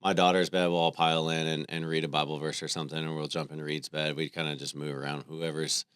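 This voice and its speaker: A man in his thirties, a podcast co-host, telling stories about his family in a relaxed, conversational way. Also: rumbling low, fast, clean tone, dry recording, clean studio sound. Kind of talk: casual faith conversation.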